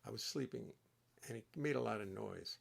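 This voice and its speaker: This is an older man hosting a relaxed livestream from his home studio. His voice has a gravelly, fry-edged texture, and he rambles warmly from one story to the next. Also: fairly low pitch, normal speed. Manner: rambling, chatty, warm-hearted storytelling. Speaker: host and bassist. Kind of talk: casual livestream chat.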